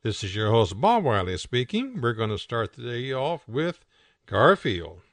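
A man's voice: medium pitch, measured pace, dry recording. A man hosting a radio show, casually describing comic strips aloud and laughing at the jokes. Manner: relaxed, chatty, laughs at the jokes.

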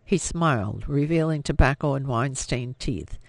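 Gravelly man narrating an audiobook. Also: a little high, expressive, normal speed, no room sound. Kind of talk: scripted narration.

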